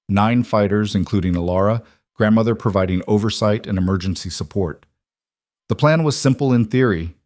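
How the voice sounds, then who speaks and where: Low-voiced male audiobook narrator. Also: darkish tone, no room sound, studio quality.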